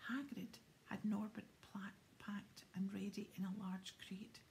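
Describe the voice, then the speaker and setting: A woman's voice: medium pitch, a little slow, a little hiss or hum. Woman whisper-reading a storybook. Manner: soft, steady whisper. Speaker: audiobook reader.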